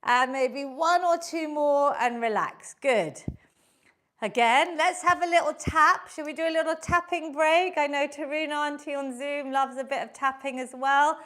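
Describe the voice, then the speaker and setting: A woman fitness instructor leading a live online workout class, encouraging and coaching through the moves while exercising, a little breathy. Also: high voice, steady tone, moderate pace, a bit bright.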